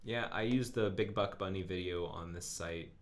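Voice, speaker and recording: A deep-voiced man at normal speed hosts a live coding stream. He muses aloud about the code he's working through, narrating to himself and saying um frequently.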